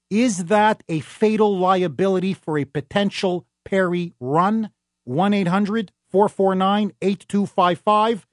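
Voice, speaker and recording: A man hosting a talk radio show, delivering an emphatic, rapid-fire, opinionated political monologue. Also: high voice, no echo, clean studio sound.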